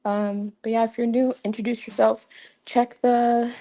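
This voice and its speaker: A woman's voice: on the high side, flat delivery, measured pace, warm tone. A young woman hosting a casual livestream, chatty and laughing often, with many fillers. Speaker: livestream host.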